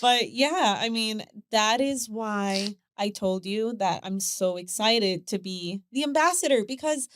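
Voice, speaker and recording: A woman, a podcast guest, telling a personal story with lively acted quotes, repeated words and frequent laughter. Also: mid-range voice, unhurried, hardly any pauses, dry recording. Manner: animated storyteller who acts out voices, repeats words and laughs often. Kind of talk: casual interview chat.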